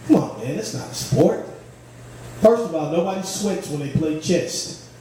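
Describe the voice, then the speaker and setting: A man's voice: a little high, animated, moderate pace, dark tone, a little hiss or hum. A young man performing a stand-up routine on a comedy club stage, telling stories in a laid-back way and throwing in "man" often, sweaty from moving around. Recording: echoey room from far off.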